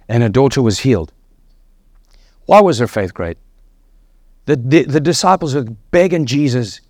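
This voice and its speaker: A man's voice: mid-range voice, lively intonation, normal speed, long pauses, darkish tone, dry recording, clean studio sound. A man preaching a sermon, emphatic and repetitive, voice climbing sharply on key words.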